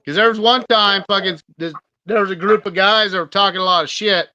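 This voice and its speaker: A man's voice: high-pitched, fairly quick, pushed and bright, muffled recording, a little hiss or hum. A man co-hosting a casual podcast, swearing freely as he tells rowdy stories. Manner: profane, storytelling, swears a lot. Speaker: podcast co-host.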